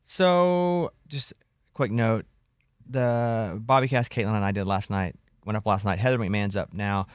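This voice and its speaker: A man hosting a radio morning show, telling quick joking stories. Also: lowish voice, smooth, dry recording, studio quality. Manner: quick joking storyteller, self-teasing. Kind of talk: casual morning show banter.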